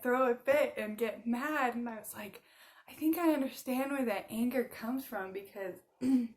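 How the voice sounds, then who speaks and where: A woman in her thirties talking casually to camera, rambling with lots of filler words and laughing often. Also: on the high side. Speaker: spiritual channeler and musician. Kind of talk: casual monologue.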